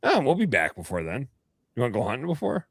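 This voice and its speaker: A man's voice: mid-range voice, wildly swooping pitch, quick pace, vocal fry, a bit bright, breathy edge, dry recording. A man hosting a podcast, chatting casually and joking around, cursing freely. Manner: loose, joking, swears freely. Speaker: podcast host. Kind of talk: casual chat.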